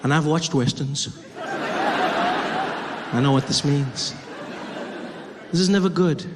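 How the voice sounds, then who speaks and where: A man doing stand-up comedy, telling a story with animated, acted-out scenes on a stage mic before a live audience. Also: a little high, slow pace, a loud crowd. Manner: animated, acts out scenes, shifts voices. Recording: reverberant hall with audience noise.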